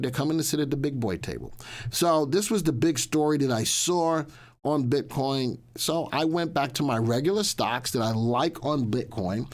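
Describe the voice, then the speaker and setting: Chatty man hosting a market show. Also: medium pitch. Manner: chatty and repetitive, restating lines as he goes. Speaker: host of a stock market show. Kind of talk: casual livestream market commentary.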